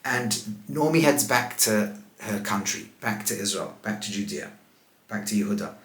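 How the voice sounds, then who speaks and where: A man, a rabbi, teaching scripture in a lively way, asking rhetorical questions and laughing at the text. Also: lowish voice, moderate pace, echoey room. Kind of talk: animated scripture lesson.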